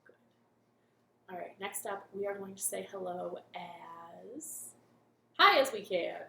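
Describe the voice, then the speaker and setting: A woman's voice: mid-range voice, takes it slowly, vocal fry, pauses often, bright, forceful tone, roomy sound, slight background noise. A young woman leading a cheerful children's storytime from her living room, chatting and singing simple songs.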